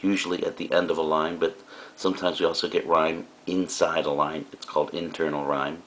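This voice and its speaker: A man's voice: extremely low pitch, level tone, brisk, fairly bright tone, slight background noise. A male teacher giving a recorded lecture, explaining in a casual way with frequent fillers and asides.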